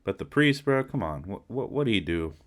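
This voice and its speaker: A man's voice: fairly low pitch, sing-song, brisk, fairly bright tone. A man hosting a podcast, giving a casual, slangy, rambling reaction to a video. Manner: laid-back, rambling, slangy.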